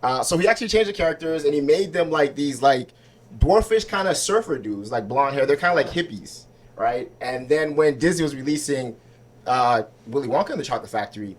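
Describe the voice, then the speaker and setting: A man performs stand-up at an open mic in a small comedy club, his medium-pitched voice animated and fairly quick. He talks conversationally and keeps checking in with the crowd, asking for their agreement.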